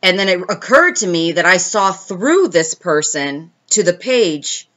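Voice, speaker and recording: A woman's voice: on the low side, animated, a little slow, fairly bright tone, lo-fi sound. Chatty woman livestreamer telling stories. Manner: chatty, answers viewer comments mid-story. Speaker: live stream host. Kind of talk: casual storytelling chat.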